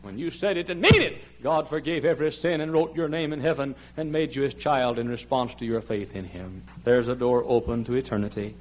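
A male pastor delivering a sermon in a church sanctuary. His voice drops to a hushed, earnest plea, then climbs into loud, ringing cries. He tells folksy stories and acts out the people in them. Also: medium pitch, steady tone, fairly quick, hardly any pauses, highs cut off. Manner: swings between hushed pleading and loud shouted emphasis.

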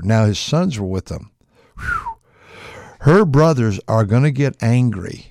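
A man's voice: darkish tone, no room sound, clean studio sound. Older man preaching in a folksy way. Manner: folksy storytelling with frequent restarts; acts out quoted voices in a higher pitch. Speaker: pastor. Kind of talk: sermon.

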